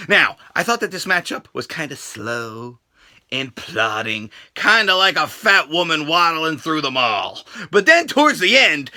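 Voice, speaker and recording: A man hosting a comedic wrestling recap vlog, crude and jokey, with sudden shouted outbursts and exaggerated impressions. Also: a little high.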